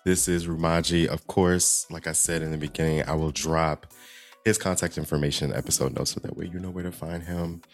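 A man's voice: a bass voice, fairly even intonation, fairly quick, soft background music. A man from Maryland hosting a podcast, chatting in an upbeat, playful way. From Southern Maryland. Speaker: podcast host. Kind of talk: casual podcast chat.

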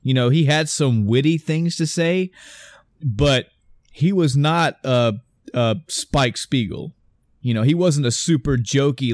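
A man's voice: medium pitch, a little slow, no room sound. Chatty man, dry close sound. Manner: rambling, animated storytelling with many restarts. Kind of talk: casual chat.

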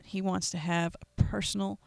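A podcast host turns preacher, making an emotional gospel appeal in an earnest, deliberate voice. The tone is gravelly, with repeated phrases and pauses. The recording is dry and close. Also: mid-range voice, level tone, no room sound.

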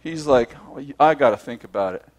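A man's voice: medium pitch, lively intonation, brisk. A man telling a personal story to a group, acting out both sides of the conversations and often laughing as he speaks.

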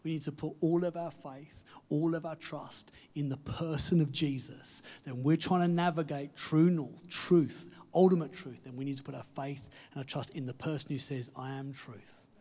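A man delivers an earnest sermon, encouraging his listeners and leaning hard on key phrases before easing into quieter moments. His voice has a slightly husky edge. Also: a little high, steady tone, normal speed, few pauses. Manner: earnest, encouraging, emphatic with soft dips and laughs. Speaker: preacher.

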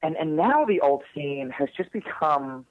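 A man's voice: fairly high pitch, expressive, a little slow, no room sound, lo-fi sound. A man who does stand-up comedy, talking casually in an interview, rambling, swearing and often laughing.

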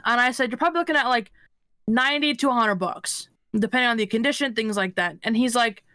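A woman co-hosting a podcast, telling blunt, profane work stories in a deadpan way. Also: on the high side, quick pace, no echo, clean studio sound. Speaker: podcast co-host. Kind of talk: casual chat.

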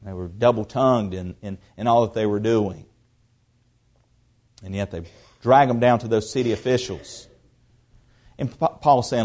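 A man preaching a sermon in a conversational way, repeating words as he goes and swinging between quiet asides and loud, emphatic stretches. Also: fairly low pitch, normal speed, pauses often. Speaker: pastor.

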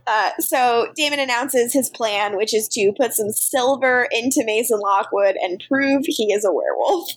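A woman's voice: fairly high pitch, lively intonation, moderate pace, hardly any pauses. A woman co-hosting a podcast, animatedly recapping episodes in casual chat and laughing often. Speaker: podcast co-host.

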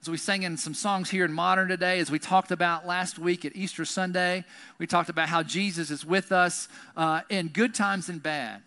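High, forceful conversational preacher. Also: male voice, fairly even intonation, normal speed. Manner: conversational, tags sentences with "right?". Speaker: pastor. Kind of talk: sermon.

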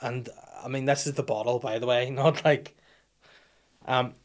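A man's voice: medium pitch, steady tone, unhurried. A man, telling a rambling, jokey, self-mocking story in casual chat. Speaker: podcast host telling an anecdote.

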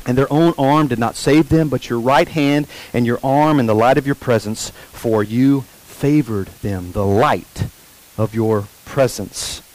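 A male pastor preaching a sermon, repeating key phrases slowly for emphasis and putting questions to the congregation. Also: medium pitch, a little mellow, low-quality recording.

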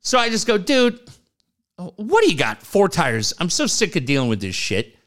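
A man's voice: sits high, huge pitch swings, normal speed, fairly bright tone. A middle-aged man telling a profane, ranting story in casual chat, acting out other people's lines.

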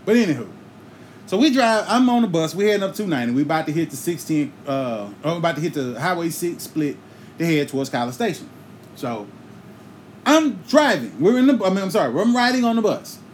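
A man hosting a podcast, telling a comic story in a loose, profane, animated way and breaking into sung bits now and then. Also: a little high, brisk, a little hiss or hum. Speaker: podcast host.

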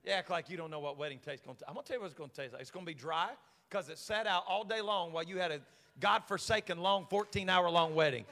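A man pastor preaching an animated sermon, telling a story with jokes and swinging from hushed asides to loud shouting. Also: high voice, quick pace. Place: large church sanctuary. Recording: long church hall reverb.

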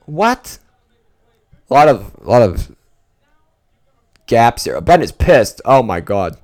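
A man podcasting alone, reacting casually to a live football game as he watches, rambling and excitable, dropping to nervous mutters and jumping to outbursts. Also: mid-range voice, a little slow. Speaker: solo podcaster. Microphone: talking into a microphone at home late at night.

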